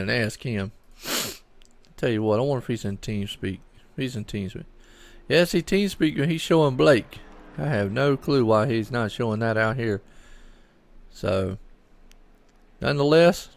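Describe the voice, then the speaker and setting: A man's voice: mid-range voice, moderate pace, gravelly, long pauses. A middle-aged man, doing solo live commentary on a sim race and chatting loosely with viewers. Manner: chatty, rambling, talks to chat viewers.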